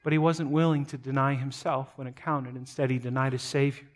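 A man preaching a sermon, retelling a scripture story dramatically, moving between loud emphatic passages and quiet low asides, often repeating words as he goes. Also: steady tone, fairly quick. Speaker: pastor.

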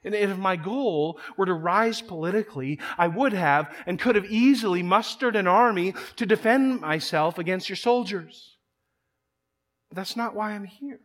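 A man delivers a sermon with emphatic conviction, doubling his words as he presses each point. His voice sits high for a man. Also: moderate pace. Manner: emphatic preaching, repeats words when building a point. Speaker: pastor.

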